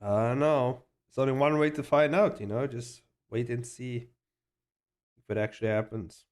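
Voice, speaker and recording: A man's voice: mid-range voice, steady tone, normal speed, darkish tone. A man chatting casually to his livestream viewers, rambling, laughing often and swearing freely. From South Africa. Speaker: streamer.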